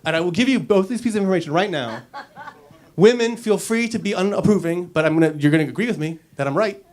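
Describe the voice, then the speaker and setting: A man's voice: high voice, fast. A man doing a stand-up comedy set in a club, acting out little scenes with silly voices. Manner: animated, acts out characters with silly voices.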